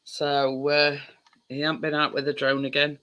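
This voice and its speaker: A woman's voice: sits low, monotone, a little slow, muffled recording. A woman hosting a casual livestream, chatting with viewers in a rambling way with lots of fillers. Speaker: livestream host.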